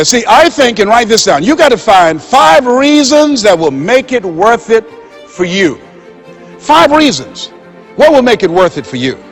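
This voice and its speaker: A man giving a motivational speech, telling stories and acting out dialogue with emphatic, preacher-like repetition. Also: high voice. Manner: storytelling, acting out quoted dialogue. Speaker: motivational speaker.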